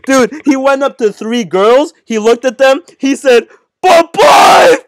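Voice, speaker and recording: A teenage man, a podcast co-host, excitedly telling a funny story on an online group call, swearing and laughing as he goes. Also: extremely high pitch, a little slow, no echo, studio quality. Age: teens. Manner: animated, swearing, laughing at his own story. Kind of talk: casual storytelling.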